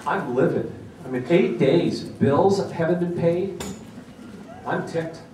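Middle-aged male seminar speaker, animated self-mocking storyteller, recorded from a distance in a reverberant hall. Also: fairly high pitch, slow, very noisy. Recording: echoey hall from far off.

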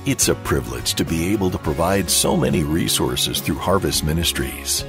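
A man announcing in a smooth, promotional read. His voice is very deep and moves around a lot in pitch. Music plays clearly underneath him. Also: lively intonation, normal speed. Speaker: radio program announcer. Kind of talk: scripted announcement.

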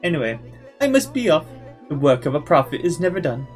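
A man voicing a flamboyant, smug male prophet in a game playthrough, with a broken mock French accent and a showy, drawn-out delivery. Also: fairly high pitch, big pitch swings, faint music behind, voice pushed up. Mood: smug, theatrical.

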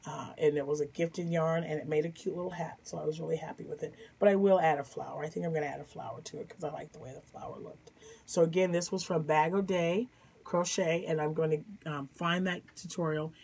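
A woman's voice: low voice, fairly even intonation, fairly quick, vocal fry, a little mellow, breathy edge. A woman hosting a crochet vlog from home, chatty and enthusiastic, rambling about her projects with a Midwestern American accent. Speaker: crochet podcast host. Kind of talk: casual chat. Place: home room.

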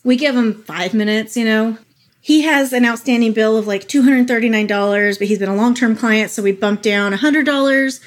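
Higher-pitched woman telling a story. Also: normal speed. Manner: animated storyteller, acting out quotes, swears freely. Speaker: podcast co-host. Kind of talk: casual chat.

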